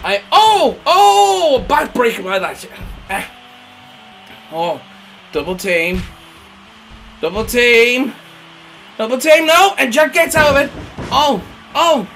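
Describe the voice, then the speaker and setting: A British man giving excitable, crude play-by-play of a mock wrestling battle, jumping between yelling and mumbling. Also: very high-pitched, takes it slowly, gravelly, long pauses, soft background music. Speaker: comic wrestling commentator. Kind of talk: over-the-top play-by-play commentary.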